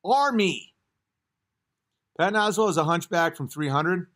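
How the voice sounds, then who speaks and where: A man's voice: a little high, fast talker. A man in his thirties hosting a casual livestream, rambling and joking as he answers chat comments. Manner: rambling, joking, swings to loud acted outbursts. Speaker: livestream host.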